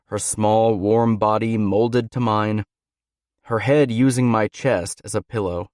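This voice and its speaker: A man's voice: lowish voice, no room sound, studio quality. A man reading a first-person romance audiobook in a brooding, intense manner. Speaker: audiobook narrator. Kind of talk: scripted first-person narration.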